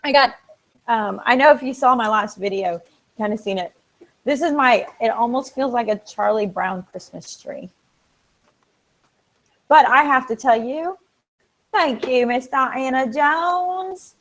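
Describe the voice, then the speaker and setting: Woman, live-stream host, casual chat, excitable, um-filled, fairly high voice, gravelly. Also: normal speed, pauses often, poor audio. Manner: chatty, reads out viewer comments; excitable, frequent ums and restarts. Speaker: livestream host.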